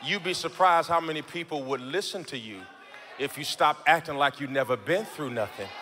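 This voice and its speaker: A man preaching a live Sunday sermon in a church, calling out to the congregation and swinging from low, close talk to impassioned shouting. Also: normal speed. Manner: addresses congregation members directly. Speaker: pastor. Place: church sanctuary before a congregation.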